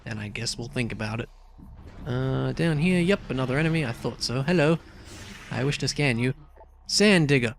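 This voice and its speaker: A man's voice: medium pitch, animated, normal speed, gravelly, soft background music. A young man casually commenting on a video game as he plays, chatty and rambling, with lots of fillers and asides. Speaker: let's play host.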